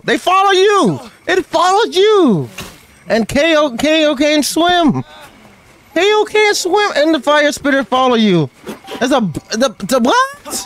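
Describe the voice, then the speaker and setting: Excitable high-voiced young man gaming. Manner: excitable, slangy, shouts and laughs at the game. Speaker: gaming YouTuber. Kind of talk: let's play commentary.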